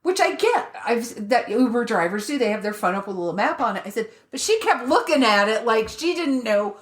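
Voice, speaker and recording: Slightly high and brisk, this woman's voice echoes with reverb as she co-hosts a podcast. She's an animated storyteller in casual conversation who swears freely.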